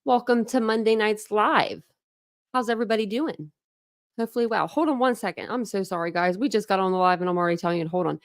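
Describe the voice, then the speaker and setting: A woman's voice: medium pitch, fast talker, no echo, studio quality. A woman hosting a casual livestream from home, chatty and apologetic, greeting viewers by name. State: a little out of breath. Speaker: livestream host. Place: home room with dogs.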